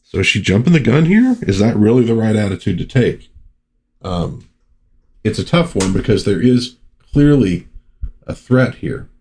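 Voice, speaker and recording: Deep-voiced American man chatting about comics. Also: sing-song, moderate pace, long pauses, a little mellow, slight background noise. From United States. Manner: chatty, rambling with restarts and asides. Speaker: comic book reviewer. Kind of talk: casual commentary.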